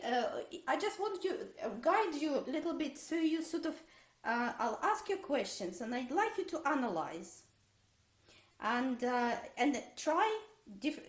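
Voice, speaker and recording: A woman coaching a violin student in an online masterclass, her fairly high voice ringing in a roomy space. She talks haltingly with plenty of fillers and sings passages on nonsense syllables to show the phrasing. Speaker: violin teacher. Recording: roomy echo.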